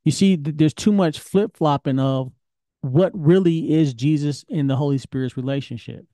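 A man's voice: a little high, moderate pace, warm tone, dry recording, studio quality. A man teaching an informal Bible study lesson, talking in a conversational, questioning way. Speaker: Torah teacher.

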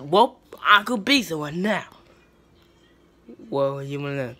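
A woman performing a comedic skit, profane and excitable, swinging from mutters to shouts. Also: low voice, measured pace.

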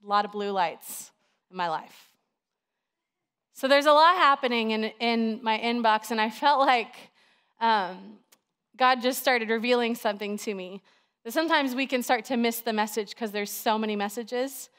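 Animated woman pastor, smooth voice. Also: a little high, normal speed. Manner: chatty, animated storytelling with filler words. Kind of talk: sermon.

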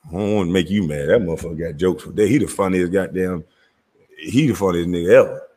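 With a low-pitched, husky voice and Southern twang, a show host rants at a quick pace, loud and animated, cursing freely and breaking into laughter. His casual, profane talk echoes with a long reverb.

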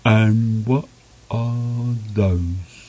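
A man voicing a newly made, simple-minded male snowman who talks in a slow, halting, puzzled way. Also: fairly low pitch, steady tone, mellow, slight background noise, voice pushed up.

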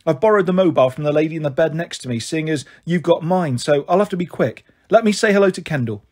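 A man doing a hurried, chatty mum. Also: on the high side, expressive, darkish tone. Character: hospitalised mum, warm and hurried.

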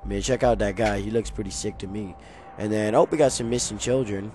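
A young man giving casual, jokey commentary while playing a video game, often yelling at enemies. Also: on the low side, fairly quick, a little hiss or hum. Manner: excitable, jokey, yells at enemies. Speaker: gaming YouTuber.

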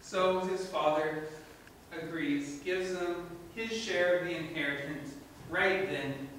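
A man's voice: on the high side, takes it slowly, fairly bright tone, a little hiss or hum. A man preaching a sermon in a church, telling a story with animation and asking the congregation questions. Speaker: pastor. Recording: echoey room from far off.

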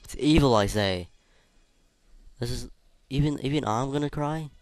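A man playing a video game and chatting about it in casual commentary, swearing freely and reacting loudly. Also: mid-range voice, a little slow, no echo, faint music behind. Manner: reads game dialogue aloud in between remarks. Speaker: let's player.

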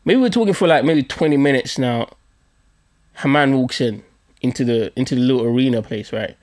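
A man's voice: mid-range voice, fairly quick. A man hosting a podcast, telling a story in a casual, profane, self-mocking way. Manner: animated, profane, laughing at himself. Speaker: podcast host.

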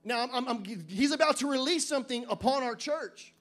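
A male pastor preaching a sermon at a church service. He swings between loud emphatic declarations and quiet joking asides, and reads scripture slowly and deliberately. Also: very high-pitched, animated.

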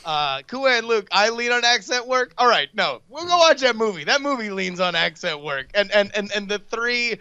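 A man hosting a casual podcast chat, animated and joking, swearing freely. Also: sits high, normal speed, few pauses, smooth, dry recording, dull audio. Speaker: podcast host.

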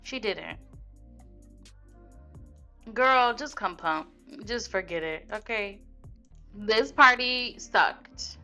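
A woman's voice: mid-range voice, expressive, very slow, long pauses, pushed and bright, soft background music. A young woman casually commenting on her life-sim gameplay, chatty and slangy, laughing at what her characters do. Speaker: Sims let's play host.

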